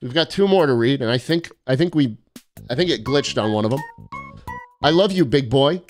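A man's voice: mid-range voice, animated, brisk, darkish tone, faint music behind. A young man streaming casually, reading viewer postcards aloud with sarcastic, mock-arrogant jokes.

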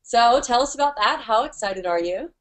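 A woman's voice: a little high, animated, moderate pace. A woman hosting an interview, asking questions and giving an upbeat promotional wrap-up. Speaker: interview host.

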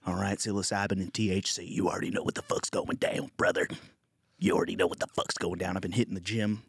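A man's voice: sits low, fairly even intonation, fast, gravelly, breathy edge, no echo, studio quality. A man from Virginia hosting a comedy podcast in a crude, rambling, boastful monologue. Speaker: podcast host.

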